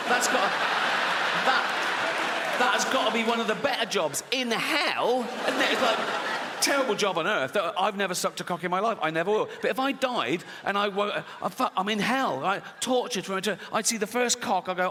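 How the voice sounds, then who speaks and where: A man performing a stand-up routine, chatty and profane, putting on quick voices for the people in his stories. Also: sits high, expressive, very noisy. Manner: conversational, swearing, acts out characters. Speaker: stand-up comedian. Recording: live stage mic in a large hall with loud audience ambience.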